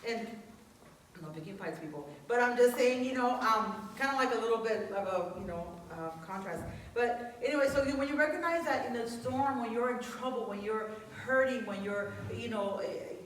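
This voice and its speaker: A woman's voice: fairly high pitch, expressive, moderate pace, distant mic, a little hiss or hum. Woman preaching in an echoey church. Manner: chatty and earnest, with many fillers and restarts. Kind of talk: conversational sermon. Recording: echoey church hall from afar.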